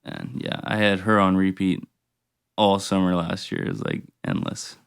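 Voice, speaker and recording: A man's voice: sits low, level tone, moderate pace, gravelly, clean tone. A young man, a musician guest on a podcast, talking casually and with enthusiasm about the artists he loves, full of "like". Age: young adult. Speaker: band member guest. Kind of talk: casual interview chat.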